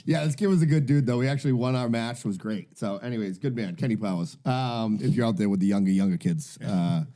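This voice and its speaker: Fast-talking man, profane. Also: mid-range voice, warm tone. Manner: rambling, profane storytelling. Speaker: podcast co-host. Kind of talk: casual chat.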